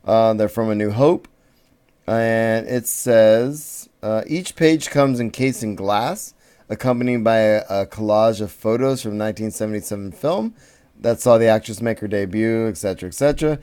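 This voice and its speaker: A man's voice: lowish voice, normal speed, mellow, clean tone. A man co-hosting a casual podcast, rambling with restarts and fillers. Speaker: podcast co-host. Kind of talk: casual chat.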